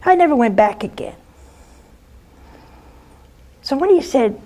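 With a slightly high, sing-song voice, warm in tone and measured in pace, an older nun advises a caller. She draws on her own life stories in an earnest, direct way, punctuating points with "huh?" or "see?".

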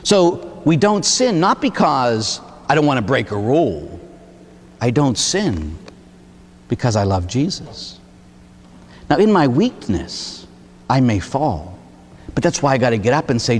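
A man's voice: medium pitch, measured pace, long pauses. A man preaching a sermon as a Catholic priest, telling stories and acting out dialogue. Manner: animated storytelling, acts out dialogue, tags lines with "huh?". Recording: faint noise, long hall reverb.

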